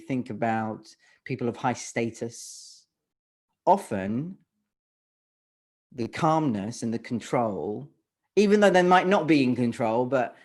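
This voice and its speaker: Halting male voice coach teaching online. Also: mid-range voice, a little mellow. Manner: halting, restarts words, pauses to ask the audience. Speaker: presenting coach. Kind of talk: online workshop lecture. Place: home office on a video call. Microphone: webcam or desk mic on a video call.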